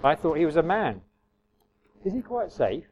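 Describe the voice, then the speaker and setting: A man's voice: on the high side, very animated, moderate pace, a little mellow, slight background noise, pitched above the performer's own voice. A man reading aloud as a nervous young girl from a storybook, his voice slightly raised and questioning. The recording is slightly muffled.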